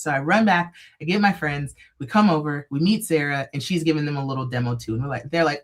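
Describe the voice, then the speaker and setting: Low-pitched woman guest, animated storyteller, leans on "like" constantly. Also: fast talker, hardly any pauses. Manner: animated, gushing, heavy "like" filler. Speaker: guest crochet designer. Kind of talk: casual live-stream interview storytelling.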